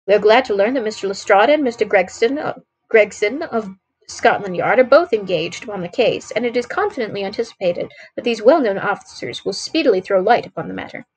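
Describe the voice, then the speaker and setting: A woman's voice: mid-range voice, lively intonation, fairly quick, husky. A woman streamer reading a classic mystery aloud, steadily and with occasional self-corrections. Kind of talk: story read-aloud.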